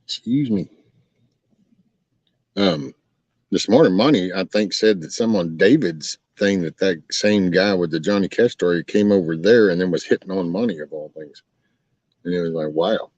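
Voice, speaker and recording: Chatting with viewers on a casual live stream, this Texan speaks in a low, slightly mellow voice at a moderate pace. His replies to chat are folksy and meandering, and the lo-fi audio sounds dull, without room sound.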